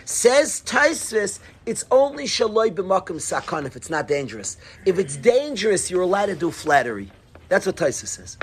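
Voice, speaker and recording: A man teaching a Talmud class, telling the stories in an animated way and mixing in Hebrew and Aramaic terms. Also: sits high, moderate pace, a little hiss or hum.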